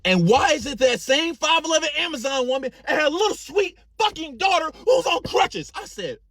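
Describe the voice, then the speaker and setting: A man tells a wild personal story with lively, swooping pitch. He swears freely and talks straight to his listeners. The sound is dry and close. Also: moderate pace, no echo. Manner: animated, profane, addresses listeners as gang. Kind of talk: casual storytime.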